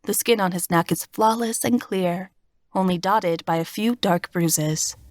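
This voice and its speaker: A woman reading a first-person fantasy audiobook in a steady, expressive storytelling voice, recorded on a close studio mic. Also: lowish voice, unhurried, dry recording. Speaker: audiobook narrator.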